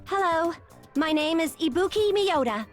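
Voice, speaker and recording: A man's voice: very high-pitched, lively intonation, normal speed, faint music behind, pitched above the performer's own voice. A man voicing a strange robotic evil-twin girl who speaks in stiff, formal politeness. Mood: stiffly polite.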